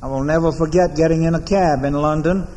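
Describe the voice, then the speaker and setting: American male pastor, high voice, solemn measured sermon delivery, long church reverb. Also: fairly even intonation, a little mellow. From United States. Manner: measured, solemn oratory with deliberate pauses. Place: large church sanctuary.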